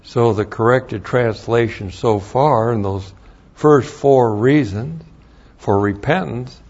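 A man preaching an expository Bible sermon, teaching slowly and deliberately with emphatic rises. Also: mid-range voice, a little mellow, husky. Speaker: pastor. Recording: dull lo-fi recording.

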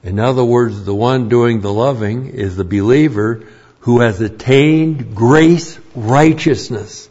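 A man teaching a Bible lesson as a sermon, slow and deliberate, repeating key phrases for emphasis. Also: mid-range voice, darkish tone, slightly rough. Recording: dull lo-fi recording.

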